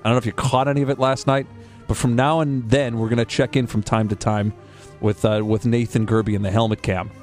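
A man's voice: medium pitch, flat delivery, fairly quick, a little mellow. An enthusiastic male sports radio host chatting casually and tripping over his own repeats. Faint music runs behind him. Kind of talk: casual chat.

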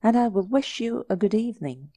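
A woman voicing a mock-gallant young gentleman. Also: medium pitch, lively intonation, a little fast, slightly rough, no room sound. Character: timid clerk playing a gallant highwayman.

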